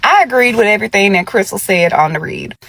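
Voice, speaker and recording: A woman who was a foster care social worker, giving earnest, measured reaction commentary. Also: mid-range voice, animated, fairly bright tone, no room sound.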